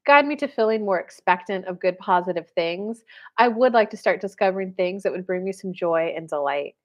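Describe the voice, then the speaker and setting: In a brisk, mid-range voice, a woman gives readings on a casual spiritual livestream. She's lively, imitating the voices of the people she's describing.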